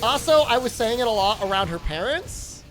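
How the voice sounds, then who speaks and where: Music plays under a woman's slightly high voice as she streams a video game at a moderate pace. She keeps things light and lively, cracking jokes and answering viewers' messages aloud.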